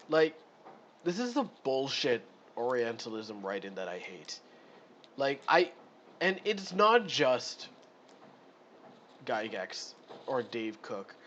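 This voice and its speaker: A man's voice: medium pitch, fairly bright tone, muffled recording, a little hiss or hum. Exasperated man ranting on a live stream. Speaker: streamer reading a module. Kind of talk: live read-through with commentary.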